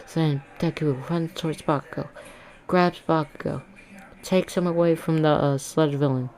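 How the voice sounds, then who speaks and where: A woman with a deep, low voice retells a fan-made story casually, rambling and joking. She keeps correcting herself as she goes, in a loose, offhand delivery. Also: fairly even intonation, moderate pace, darkish tone. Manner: rambling, jokey, self-correcting.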